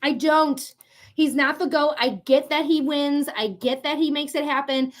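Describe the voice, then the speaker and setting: A woman's voice: high voice, fairly even intonation, measured pace. A woman hosting a live psychic reading stream, chatting casually in a blunt, profane way with frequent laughs. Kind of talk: casual livestream chat.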